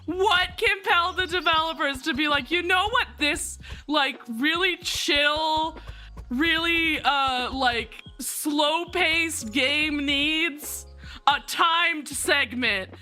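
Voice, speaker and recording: High, bright-voiced young woman streamer. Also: takes it slowly. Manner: swears freely and rants sarcastically between muttered self-talk; bursts into loud laughing outcries. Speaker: streamer playing a game. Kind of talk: live gameplay commentary. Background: faint background music.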